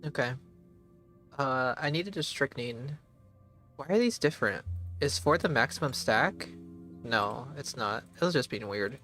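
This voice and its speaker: A man's voice: medium pitch, expressive, bright, forceful tone, faint music behind. Man thinking aloud over a game. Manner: thinks aloud, slow and halting, spells words out. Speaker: streamer. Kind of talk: casual live gameplay commentary.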